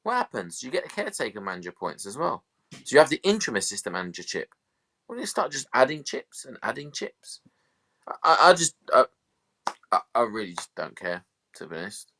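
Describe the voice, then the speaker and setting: A man's voice: medium pitch, sing-song, a little fast, pushed and bright. A man co-hosting a podcast, grumbling dismissively in casual chat. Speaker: podcast co-host.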